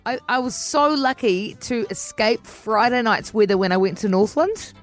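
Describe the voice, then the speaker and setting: Animated New Zealand woman telling a story. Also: normal speed. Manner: animated, acts out quoted voices with big pitch jumps. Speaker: radio host. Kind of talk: casual storytelling chat.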